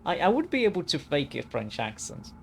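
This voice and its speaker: A man's voice: fairly high pitch, huge pitch swings, fairly quick, vocal fry, slight background noise. Young man musing over gameplay. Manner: rambling, musing aloud, lots of fillers. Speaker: let's play commentator. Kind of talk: casual gaming commentary.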